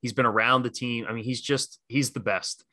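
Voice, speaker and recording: A man's voice: mid-range voice, fairly even intonation, moderate pace, bright, forceful tone, dry recording. A man co-hosting a casual sports podcast, talking enthusiastically and rambling with fillers and restarts. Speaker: podcast co-host.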